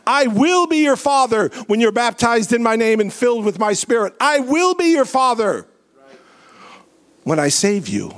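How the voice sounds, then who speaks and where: A man delivers a sermon at a slow, deliberate pace. His voice sits high for a man and rises and falls dramatically from phrase to phrase. He stretches out his words as he reads scripture. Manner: preaching with slow drawn-out phrasing and big swings in pitch. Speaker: preacher.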